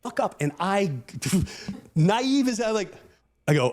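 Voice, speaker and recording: A man with a Long Island accent tells a comic grievance story, acting out each person and raising his voice at the angry parts. His voice is high and swings widely in pitch. He keeps breaking off his sentences before he finishes them. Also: expressive, slow. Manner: acts out every voice, keeps trailing off, voice gets louder when he acts angry. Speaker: comedian telling a story. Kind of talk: animated comedic storytelling on a podcast.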